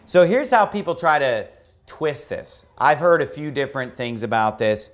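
High-voiced emphatic male preacher. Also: animated, normal speed. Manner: emphatic, argumentative, often mocking opposing views. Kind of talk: sermon. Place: church.

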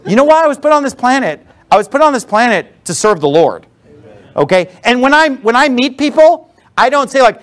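A man's voice: very high-pitched, sing-song, a little fast, fairly bright tone. A man preaching a sermon as a pastor in a church, blunt and emphatic, with sarcastic asides. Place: church with a responding congregation.

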